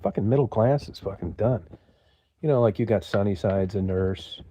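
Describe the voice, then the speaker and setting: A man's voice: on the low side, normal speed, mellow. Profane, rambling older man. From United States. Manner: profane, gruff, talks to chat viewers. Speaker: livestream host. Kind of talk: casual rambling monologue.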